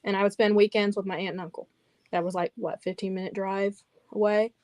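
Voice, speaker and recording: A young woman from rural Arkansas with a light Southern country accent, chatting lively as a guest. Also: medium pitch, a little fast, dry recording. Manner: lively, laughing storyteller. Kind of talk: casual chat.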